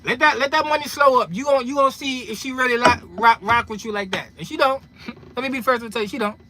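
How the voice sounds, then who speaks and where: A man's voice: very high-pitched, fast, pushed and bright, slight background noise. A man, a trucking content creator talking straight to his viewers in a casual monologue, emphatic and full of street slang, repeating lines for punch. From New York.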